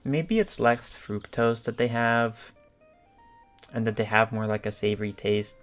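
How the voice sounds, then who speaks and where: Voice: mid-range voice, fairly even intonation, a little slow, faint music behind. A gaming channel host giving casual let's-play commentary, rambling and thinking aloud with filler words.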